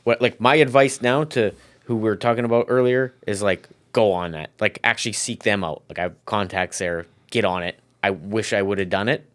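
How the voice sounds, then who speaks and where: A man appears as a podcast guest in a casual conversational interview, talking about his business in loose, rambling sentences with many restarts. His fairly low voice is fairly bright and a little fast, with few pauses.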